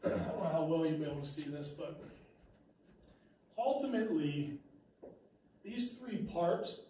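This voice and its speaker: A male teacher telling a classroom story and lecturing, animated and full of fillers and restarts. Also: fairly high pitch, a little slow, a little hiss or hum. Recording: echoey room, mic at a distance.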